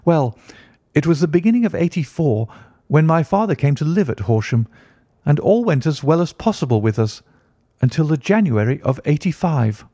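A man reading a classic story aloud in steady, even scripted narration. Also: a little high, moderate pace, dry recording, studio quality. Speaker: audiobook narrator.

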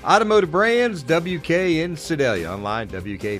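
A man's voice: fairly high pitch, lively intonation, normal speed, fairly bright tone, soft background music. A man hosting a local sports radio segment, chatting in a folksy, rambling way and poking fun at himself. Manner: folksy, rambling, self-deprecating. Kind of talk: casual on-air chat.

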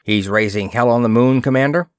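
A man voicing a gruff male ship signalman who grumbles with disgust. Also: medium pitch, brisk, no room sound, studio quality, lightly acted.

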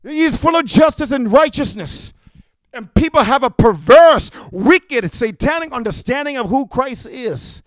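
A man preaching a fiery sermon, punctuating his points with "amen?" and building to shouts. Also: extremely high pitch, animated, a little slow, dry recording, studio quality.

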